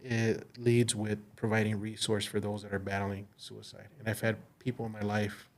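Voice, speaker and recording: A man's voice: on the low side, monotone, moderate pace. A man, a business owner guest, telling personal stories in a casual interview, earnest and full of fillers. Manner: earnest, faith-driven, speaks with restarts and fillers. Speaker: podcast guest, insurance agency owner. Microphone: studio mic.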